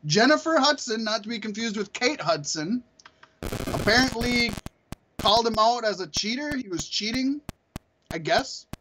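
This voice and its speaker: A man's voice: extremely high pitch, expressive, normal speed, noisy background. A man co-hosting a podcast, chatting casually, rambling and swearing with frequent laughter. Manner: rambling, profane, laughs often. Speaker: podcast co-host. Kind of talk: casual chat.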